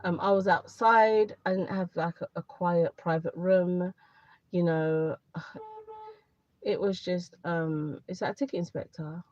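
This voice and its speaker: A woman with a lowish voice talks candidly to her live viewers and gives advice in a loose, rambling way, often saying things twice. The sound is dry and a little dull, like a phone or laptop mic on a stream. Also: fairly even intonation, a little slow, darkish tone, dry recording. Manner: candid, rambling, repeats herself. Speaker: career advice livestreamer. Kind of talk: casual live chat to viewers.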